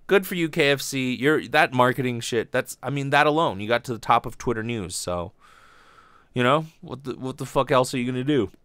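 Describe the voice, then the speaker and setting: A man from Hawaii hosts a casual solo podcast, rambling through an animated rant and swearing freely. His voice is mid-range, with no room sound on the recording.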